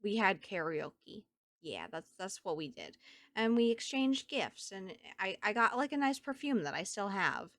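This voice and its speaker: This woman, who has a Southern US accent, talks through her gameplay with viewers in a relaxed, think-aloud style. Her mid-range voice is very animated and moves at a normal pace, recorded at studio quality with no room sound.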